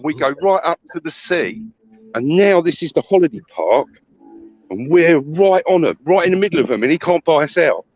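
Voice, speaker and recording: A man out of breath, chatting in a rambling, halting way while walking outdoors, talking into a phone. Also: fairly high pitch, big pitch swings, a little mellow, muffled recording. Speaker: stream guest. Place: outdoors at a holiday park.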